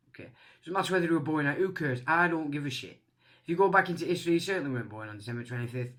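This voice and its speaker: A man's voice: fairly high pitch, a bit bright. A man hosting his channel, giving a casual opinion monologue in a blunt, swearing, ranting manner. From England. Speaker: channel host.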